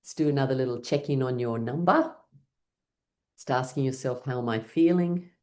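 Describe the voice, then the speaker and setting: A woman's voice: extremely low pitch, moderate pace, a little mellow. A woman leading a guided laughter exercise session as an instructor, playful and coaxing, often breaking into exaggerated laughter. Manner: cheerful, coaxing participants to play along.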